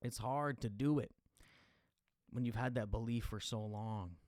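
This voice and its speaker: A young man hosting a podcast, talking in a rambling, confessional way with lots of fillers and restarts, and getting loud and exasperated when he rants. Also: mid-range voice, a little slow, no echo, clean studio sound. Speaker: podcast host. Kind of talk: casual monologue.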